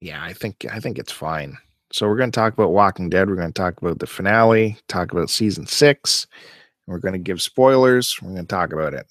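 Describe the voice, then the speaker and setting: A man co-hosting a podcast in casual chat, who bursts into animated, exasperated rants. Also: sits low, brisk, no room sound, clean studio sound. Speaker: podcast co-host.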